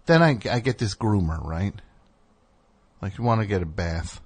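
A man's voice: on the low side, animated, normal speed, slightly rough. Rambling, indignant male radio host. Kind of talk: comedic call-in radio monologue.

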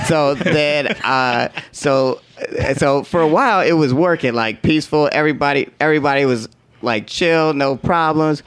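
A man's voice: fairly high pitch, normal speed, smooth. A man telling a workplace story in casual conversation, laughing often and acting out what others said in slangy, profane talk. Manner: animated, laughs often, acts out quotes.

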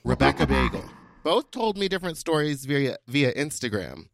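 Podcast guy spilling the tea, lively pitch, dramatic delivery. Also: normal speed, heavy background noise. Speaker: podcast co-host. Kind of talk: casual gossip chat.

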